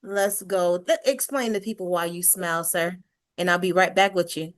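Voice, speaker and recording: A woman hosting over a video call, lively and playful, laughing easily. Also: on the low side, moderate pace. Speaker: next segment host. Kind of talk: casual hosting chat.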